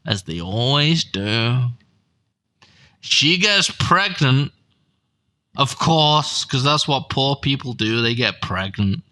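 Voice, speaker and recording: A man's voice: medium pitch, lively intonation, slow pace, music in the background. A man giving profane, sardonic reaction commentary as a YouTube host.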